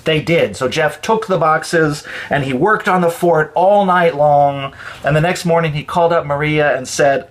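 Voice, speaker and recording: A man calmly and expressively reading a children's story aloud as storyteller. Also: fairly high pitch, normal speed. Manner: calm, expressive read-aloud.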